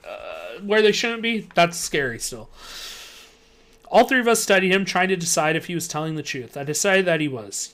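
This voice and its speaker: A man streaming live, reading a spooky children's book aloud with expressive delivery and joking asides. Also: a little high, moderate pace.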